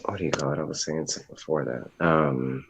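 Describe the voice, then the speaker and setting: A man from the East Coast chatting in a relaxed, drawling way. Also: rumbling low, fairly quick, creaky, slight background noise. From near New York State, East Coast. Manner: relaxed, drawling, says y'all. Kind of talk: casual chat. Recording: dull lo-fi remote audio.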